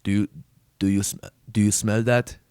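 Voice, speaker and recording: A man's voice: fairly low pitch, level tone, normal speed, a little mellow, smooth, no echo, clean studio sound, lightly acted. A man voicing an enemy soldier who suspiciously sniffs the air.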